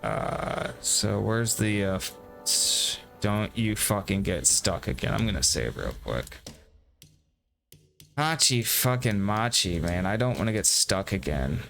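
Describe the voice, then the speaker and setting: A man's voice: deep voice, unhurried, creaky, fairly bright tone, soft background music. A man giving casual gameplay commentary, rambling, swearing freely and poking fun at himself. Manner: profane, rambling and self-deprecating. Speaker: gameplay streamer.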